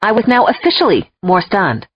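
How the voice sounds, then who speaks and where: A woman narrating an audiobook in an expressive, emotional first-person storytelling voice. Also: mid-range voice, moderate pace, a little hiss or hum. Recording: dull lo-fi dry recording.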